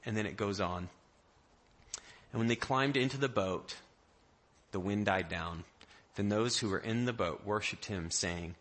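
A man preaching a sermon with a bright, ringing voice. He tells the story like a lively storyteller, jumping into the voices of the people in it. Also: fairly low pitch, measured pace, long pauses. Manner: animated storyteller, acting out quotes in varied voices. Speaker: pastor.

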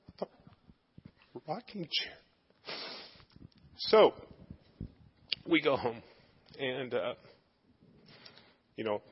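A man's voice: mid-range voice, husky. A man preaching, telling a personal story with lots of fillers and quoted dialogue, at times tearful. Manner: animated anecdotal, many fillers. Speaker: preacher sharing a testimony. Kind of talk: sermon storytelling. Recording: dull sound in a reverberant hall.

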